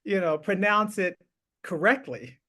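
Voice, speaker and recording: A man's voice: high voice, expressive, unhurried. Rambling man hosting a chat. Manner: rambling, warm praise with many restarts and laughs. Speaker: show host. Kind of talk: casual interview chat.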